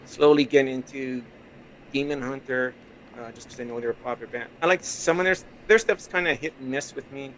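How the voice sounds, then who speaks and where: A mid-range, fairly bright male voice with a Canadian accent moves at a brisk clip through a casual interview. He's a podcast guest on a remote call mic, an easygoing storyteller who rambles easily, heard on a rough recording with a little hiss or hum.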